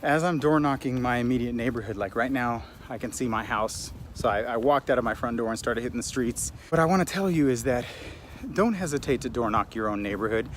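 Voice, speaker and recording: A hyped-up man talks straight to the camera as he walks residential streets, boastful and full of stories. His voice sits at an ordinary middle pitch. Street noise and passing cars come through clearly behind him. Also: a little fast. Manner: hyped, self-promoting, storytelling. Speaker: real estate agent. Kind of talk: casual vlog to camera.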